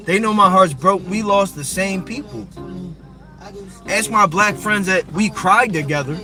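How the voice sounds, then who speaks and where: High-voiced man ranting angrily over hip hop. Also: measured pace. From Philadelphia area, USA. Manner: angry, profane, confrontational, talks straight at the viewer. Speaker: livestreamer. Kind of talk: heated livestream rant. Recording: hip hop music playing behind. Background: hip hop music.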